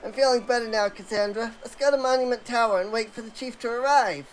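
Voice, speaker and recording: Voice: medium pitch, fast talker, a little hiss or hum, close to an everyday voice, low-quality recording. A game player voicing a small, timid male engineer who pleads and frets nervously while reading game dialogue aloud. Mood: relieved.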